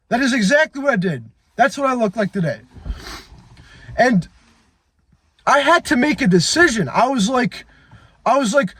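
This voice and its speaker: A man's voice: extremely high pitch, expressive, normal speed, pauses often, a bit bright, breathy edge, no room sound. A man in his twenties talking into his phone in a blunt, profane, emphatic confessional monologue. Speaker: fitness vlogger.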